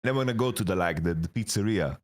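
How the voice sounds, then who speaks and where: A man's voice: low-pitched, lively intonation, quick pace. A young man, an esports coach, telling stories in a casual interview, swearing, laughing often and acting out the voices of people he quotes.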